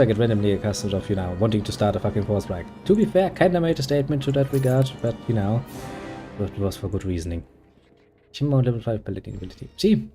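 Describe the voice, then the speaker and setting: A man with a German accent giving casual, sarcastic gameplay commentary as a streamer, rambling and swearing freely. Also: lowish voice. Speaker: gaming streamer.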